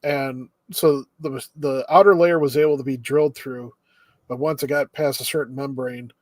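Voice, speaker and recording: A man's voice: mid-range voice, steady tone, normal speed, no room sound. A young man co-hosting an anime review chat, steadily summarizing plot with occasional ums and uhs. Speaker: anime review podcast co-host. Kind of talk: casual chat.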